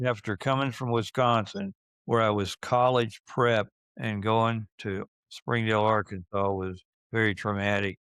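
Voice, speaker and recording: An older man in his seventies recounting his youth in an unhurried, halting way, full of fillers and restarts. His voice sits low and sounds smooth and resonant, recorded dry and close. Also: fairly even intonation, a bit bright, no room sound. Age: 70s. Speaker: interviewee recalling his youth. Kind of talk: casual reminiscing.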